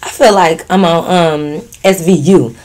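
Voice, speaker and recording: A woman vlogger telling a story in a casual storytime, blunt, profane and animated. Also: on the low side, measured pace.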